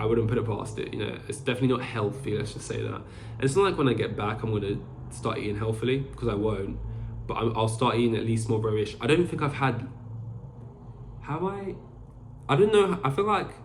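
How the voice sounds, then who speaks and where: Young man, solo podcast host, rambling, many fillers, lowish pitch, echoey room. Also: a little mellow. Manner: rambling, frequent fillers and restarts. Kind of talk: casual solo chat.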